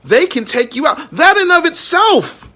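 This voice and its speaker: A man in his thirties with a high, tense, bright voice speaks in a raw live-stream monologue. He is frank and emotional and curses freely. He keeps checking that his audience is with him. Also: big pitch swings, measured pace. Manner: raw, frank and emotional, with profanity and many "you know what I'm saying". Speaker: minister and entrepreneur.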